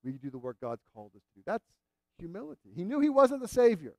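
High-voiced earnest male preacher. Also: very animated, quick pace, mellow, dry recording, studio quality. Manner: earnest, emphatic, repeats phrases for stress. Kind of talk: sermon.

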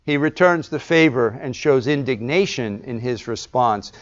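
A man preaching a sermon and reading scripture, stressing words hard and then dropping to a hush. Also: medium pitch, expressive, moderate pace. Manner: emphatic, shifts between loud stresses and hushed drops. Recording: dull lo-fi recording.

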